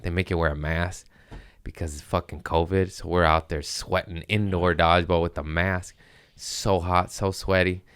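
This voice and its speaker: Male podcast host, 30s, deep resonant voice, loose and profane. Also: a bit bright, clean tone, dry recording, studio quality. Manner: profane, rambling storytelling. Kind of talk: casual podcast chat.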